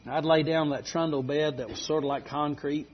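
A man's voice: on the high side, fairly even intonation, moderate pace, a little hiss or hum. A middle-aged man preaching a sermon, telling a folksy story. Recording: dull lo-fi recording.

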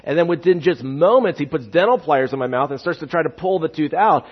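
A man preaching from the pulpit, voice pitched a bit high and full of animated storytelling as he acts out the people in his story. The sound is slightly muffled and carries a long church reverb. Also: quick pace, husky. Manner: animated storyteller acting out quotes. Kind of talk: sermon with storytelling. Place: church sanctuary.

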